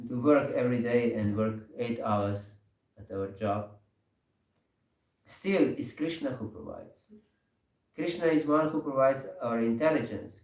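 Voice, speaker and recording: A man giving a sermon in a temple hall, telling a story slowly with many pauses and soft laughs. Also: mid-range voice, distant mic. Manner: slow storytelling with frequent pauses and hesitations, laughing softly. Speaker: speaker giving a scripture class.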